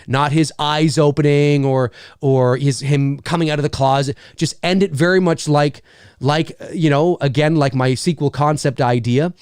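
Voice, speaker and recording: A man hosting a casual monologue, talking in an animated way, acting out scenes with loud exclamations, swearing and lots of fillers. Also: fairly high pitch, normal speed, clean tone, no room sound, studio quality. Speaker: host.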